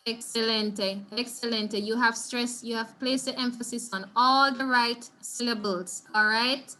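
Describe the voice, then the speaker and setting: A woman's voice: on the high side, fairly even intonation, unhurried, sharp tone. A woman with a Jamaican accent teaching an online Spanish revision lesson, encouraging and repeating words for students to drill. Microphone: video call.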